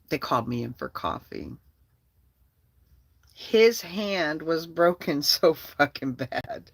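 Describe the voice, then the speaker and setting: Woman storyteller, bright and sharp in tone, candid and profane, casual delivery. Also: fairly low pitch, dry recording.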